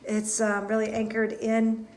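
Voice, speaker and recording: Woman host, slightly high voice, earnest and halting, live spiritual reading to viewers. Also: completely flat delivery, a little mellow, slight background noise. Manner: earnest, repetitive, halting with fillers and restarts. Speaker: intuitive reader and host.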